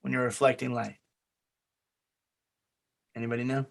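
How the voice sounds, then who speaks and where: A man's voice: medium pitch, little pitch movement, moderate pace, creaky. A young man leading a group video call, quizzing the others with questions and encouragement. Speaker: meeting leader.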